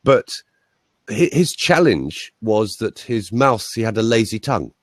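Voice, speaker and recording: A man's voice: on the low side, sing-song, a little slow, no echo, studio quality. A man, a voice coach telling chatty anecdotes as an interview guest. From England. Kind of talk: interview guest, conversational storytelling.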